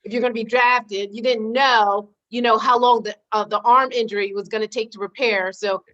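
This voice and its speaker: A woman's voice: a little high, steady tone, moderate pace, a bit bright, highs cut off. A woman, a former teacher who hosts the show, chatting casually with her guest, laughing easily and prompting him with questions. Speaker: podcast host, former teacher. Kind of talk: casual interview chat.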